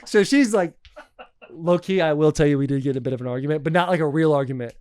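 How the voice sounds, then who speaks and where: Male podcast co-host, casual storyteller, profane and animated, smooth clean voice, dry close mic. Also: on the high side, quick pace, no room sound. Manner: animated, profane, laughs often.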